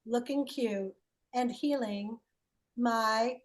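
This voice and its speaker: Woman healing coach, playful and encouraging, unhurried delivery. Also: a little high. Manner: playful, encouraging, asks leading questions. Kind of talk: coaching call.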